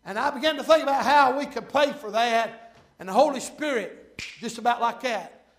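A middle-aged man preaching in a strikingly high voice. He tells stories in a folksy, meandering way, then builds to fervent, shouted points. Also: normal speed. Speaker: pastor. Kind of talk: sermon.

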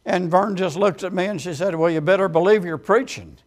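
A man's voice: high-pitched, a little fast. A man preaching a sermon as a storytelling testimony, with frequent amens and quoted voices acted out.

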